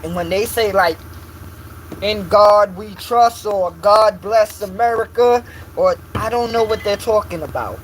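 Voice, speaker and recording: A man with a fairly high voice delivers a casual, confrontational rant. He hammers his points in street slang and repeats lines for emphasis. Faint vehicle noise hums in the background. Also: rough recording.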